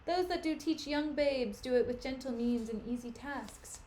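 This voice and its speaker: A woman reading the part of a young noble wife who is hurt, weary and bewildered, in a soft, low, subdued voice. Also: moderate pace, a little hiss or hum, close to an everyday voice, rough recording. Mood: sorrowful. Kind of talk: dramatic reading of a play.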